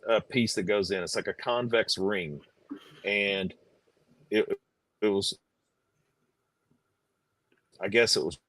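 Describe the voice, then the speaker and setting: A man chatting casually on a live stream, telling a story in halting, rambling bits with many restarts. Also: lowish voice, fairly bright tone, no echo. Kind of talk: casual chat.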